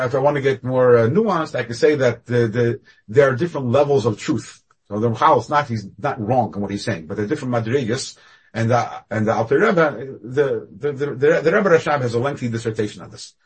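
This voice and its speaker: A man giving a Torah class over a video call, talking animatedly with sudden jumps up and down in pitch and loudness. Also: brisk, breathy edge. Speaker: rabbi teaching a class.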